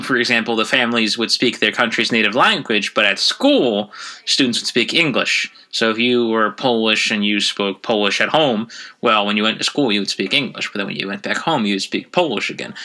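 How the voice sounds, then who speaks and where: A man's voice: fairly low pitch, bright, forceful tone. A man teaching a history lesson online, explaining slides in a conversational, thinking-aloud way. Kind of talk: casual online lecture over slides.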